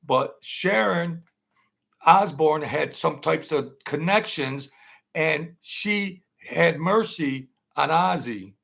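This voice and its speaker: A man hosting his own channel, telling a long casual story in a rambling, halting way, full of fillers and restarts. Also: a little high, expressive, gravelly, a bit bright. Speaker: channel host telling stories.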